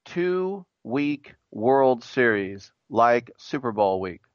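A man's voice: medium pitch, very animated, drawn-out words, dry recording, highs cut off. A man hosting a sports talk radio show, reading a listener's idea aloud and then giving his blunt, joking opinions on it. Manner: jokey, mimics imagined voices.

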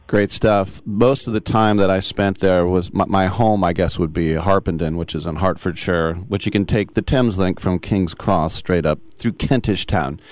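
A man's voice: deep voice, steady tone, moderate pace, hardly any pauses, darkish tone. A man interviewing a guest, asking rambling and curious questions. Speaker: interviewer, host. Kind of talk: interview conversation.

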